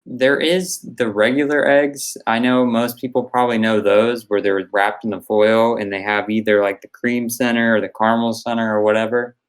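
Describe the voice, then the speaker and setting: A man's voice: on the low side, level tone, moderate pace, hardly any pauses, clear, resonant tone, poor audio. A young man co-hosting a podcast, talking earnestly and enthusiastically in casual chat. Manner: earnest, enthusiastic about snacks. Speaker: podcast co-host.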